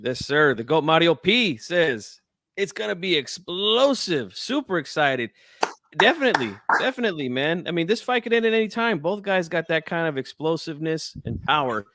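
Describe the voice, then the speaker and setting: A man hosting a live boxing call-in show, chatting in a relaxed, friendly way. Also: on the high side, moderate pace. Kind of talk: casual live-stream chat.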